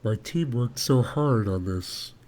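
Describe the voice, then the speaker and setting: A man voicing a disgusting monster CEO, drawling slowly and low as he improvises a scene. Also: lively intonation, darkish tone. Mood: mock-sad. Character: disgusting monster CEO, male, sinister and slow. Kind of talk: improvised voice acting while drawing.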